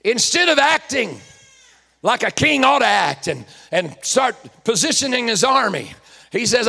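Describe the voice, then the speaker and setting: A man's voice: high voice, sing-song, moderate pace, gravelly, sharp tone, breathy edge. A man preaching a sermon, calling out to the congregation with rising fervor. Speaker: pastor.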